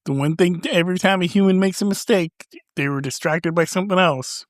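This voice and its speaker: A man's voice: sits high, brisk, no room sound, clean studio sound. A man in his forties co-hosting a casual chat, rambling, trailing off mid-sentence and laughing often. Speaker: podcast co-host.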